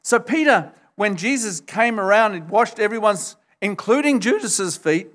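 A man preaching a sermon, emphatic, jumping up high to stress points and acting out quoted dialogue. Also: animated, normal speed, fairly bright tone. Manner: acts out quoted dialogue in a raised voice. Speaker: pastor.

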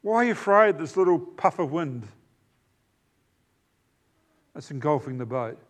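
A high-voiced man with a New Zealand accent delivers a sermon. He talks in a relaxed, conversational way, stops often on fillers and asks the congregation quick questions. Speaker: preacher.

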